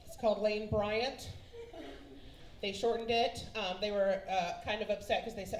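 A woman's voice: medium pitch, fairly even intonation, moderate pace, slight background noise. A woman from Kansas in her forties doing a stand-up comedy set, brassy and teasing, calling the crowd baby and honey. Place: comedy club stage with a laughing audience. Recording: echoey live room with loud crowd laughter.

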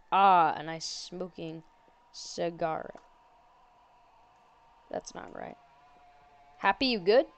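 A woman's voice: lowish voice, expressive, very slow, long pauses, slight background noise. A woman playing a horror game and commenting on it, sarcastic and jokey, chatting to the characters on screen. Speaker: gaming channel host.

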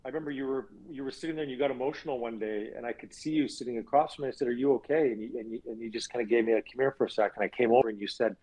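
Male actor, husky tone, chatty anecdotal delivery for a cast video chat. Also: medium pitch, racing, few pauses, mellow, rough recording. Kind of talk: casual virtual cast chat.

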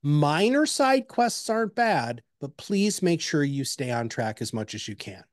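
A man presenting an instructional webinar, energetic and chatty, with personal anecdotes and emphatic repeated pleas. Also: fairly high pitch, measured pace, no echo, studio quality.

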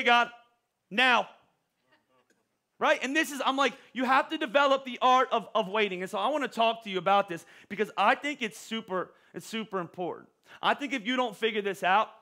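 Pastor, middle-aged man, high bright voice, lively sermon delivery with stammered restarts. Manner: animated, joking preacher with stammering restarts. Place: church auditorium.

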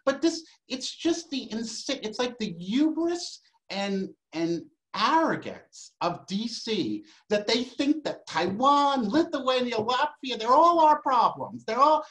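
A man's voice: extremely high pitch, big pitch swings, slow, few pauses, fairly bright tone, poor audio. A man with a New York accent, debating on an academic panel, combative and emphatic, firing off rhetorical questions.

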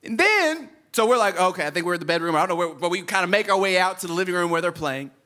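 A man's voice: high voice, quick pace. A man in his thirties preaching a sermon, telling funny family stories in casual slang. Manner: animated, humorous storytelling in casual slang. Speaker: pastor.

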